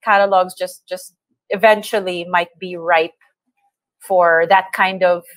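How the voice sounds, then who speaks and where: A woman's voice: lowish voice, a little slow, no room sound. Effusive woman guest on a radio show. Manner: effusive, animated, repeats words. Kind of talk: casual radio chat. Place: radio studio. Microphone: studio mic.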